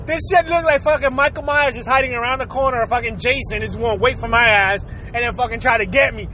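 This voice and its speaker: Male podcast host with a notably high voice, loose and profane, laughing through his rant. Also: fast, bright, forceful tone, slight background noise. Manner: laughing often, swearing, filler-heavy.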